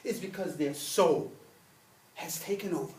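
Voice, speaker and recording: A man teaching an Arabic religious text in class, emphatic and animated, repeating key points and reading Arabic quickly. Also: on the high side, echoey room, far from the mic. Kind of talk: classroom lesson.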